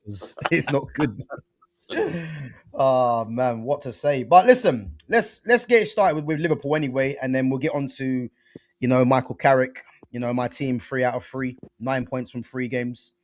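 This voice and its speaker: A young man with a medium-pitched, darkish voice hosts a football chat podcast at a normal speed. He's laid-back and loose, leaning on slang and sprinkling in "man" and "bro."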